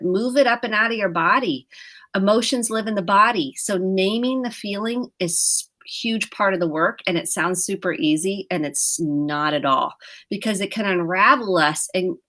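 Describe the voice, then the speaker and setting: A woman's voice: medium pitch, fairly bright tone. A middle-aged woman therapist on a video call, coaching earnestly and acting out family exchanges. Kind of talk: casual video chat on mental health.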